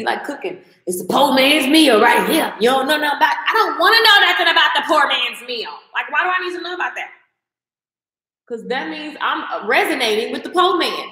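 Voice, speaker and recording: A woman's voice: fairly high pitch, bright, forceful tone, echoey room. A woman, chatting on a livestream and talking straight to her viewers. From American South. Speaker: makeup and mindset coach. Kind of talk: casual livestream chat.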